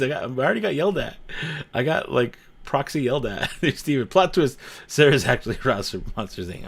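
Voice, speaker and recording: A man's voice: mid-range voice, sing-song, normal speed, creaky, husky. A man hosting a casual livestream, chatting with viewers and reading their comments, joking, laughing often and repeating himself. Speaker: livestream host.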